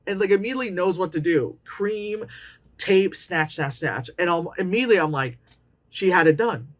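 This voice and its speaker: A woman in her late thirties giving a casual, profane movie review, animated and often mocking characters in put-on voices. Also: mid-range voice, moderate pace. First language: Chinese. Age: late 30s.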